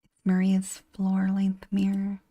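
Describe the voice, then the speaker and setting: A woman giving a whispered horror game narration, hushed and anguished, over faint music. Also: mid-range voice, completely flat delivery, takes it slowly, dry recording. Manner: hushed, anguished first-person storytelling.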